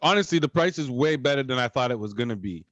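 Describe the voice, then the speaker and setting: A man's voice: mid-range voice, quick pace, no room sound. Canadian podcast guy rambling about food and hoops, dull lo-fi mic, no room sound. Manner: rambling, animated, full of fillers. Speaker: podcast co-host. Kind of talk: casual chat.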